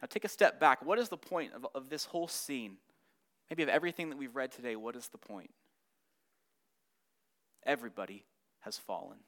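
A man's voice: medium pitch, expressive, moderate pace, long pauses, fairly bright tone. A man teaching a Bible study lesson, acting out the quotes with rising and falling intensity.

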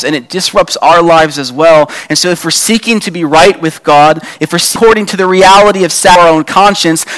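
In a high, somewhat bright voice, a pastor speaks to his congregation in a conversational sermon. He asks rhetorical questions and dramatizes quoted lines by raising his voice.

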